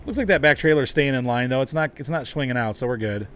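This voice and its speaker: A man's voice: medium pitch, fast talker, a bit bright. A man casually chatting with viewers while driving in a truck game, rambling and laughing often. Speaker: game streamer.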